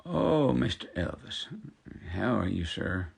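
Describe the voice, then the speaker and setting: A man's voice: fairly low pitch, big pitch swings, takes it slowly, gravelly, slightly rough, voice pushed up, exaggerated voice. A man voicing a starstruck working mother, bank teller, gushing and breathless. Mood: awestruck.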